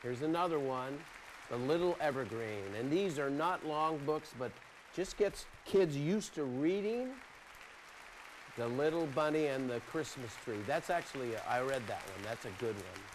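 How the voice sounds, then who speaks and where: An affable man from Toronto hosting a small local kids' show, speaking at an average pitch. He praises freely and answers often with quick yeses, with a faint crowd and light noise in the studio. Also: animated. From Toronto, Canada. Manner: affable, chatty, lots of "yes" and "very good". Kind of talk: casual studio chat with guests and viewers. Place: local public access TV studio.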